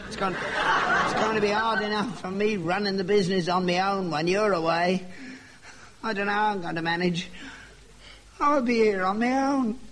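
A man's voice: high voice, normal speed, long pauses, a bit bright, slight background noise. Crotchety old father. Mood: self-pitying. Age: older. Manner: grumbling, self-pitying, gleeful at others' misfortune. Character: crotchety selfish old working-class father. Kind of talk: sitcom acting.

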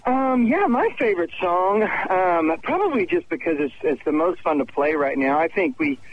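A man's voice: high-pitched, very animated, normal speed, no room sound. A man calling in from backstage at a concert, chatting in an upbeat way for a phone interview. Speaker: guest musician. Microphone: phone call. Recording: dull lo-fi phone line.

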